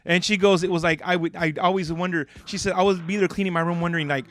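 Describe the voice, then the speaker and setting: A man's voice: high-pitched, fairly even intonation, fast talker, fairly bright tone, faint music behind. A man hosting a radio interview, rambling and eager as he tells stories as a longtime fan. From Southern California. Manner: enthusiastic fan, rambling with many restarts. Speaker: radio DJ, host.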